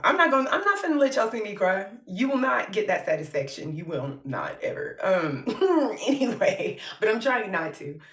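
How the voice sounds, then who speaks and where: A woman's voice: low voice, recorded from a distance. A woman vlogging candidly at home, talking in a blunt, profane, self-mocking way that keeps joking through grief. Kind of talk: candid personal vlog. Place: her home, moving between rooms. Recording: roomy echo, off from the mic.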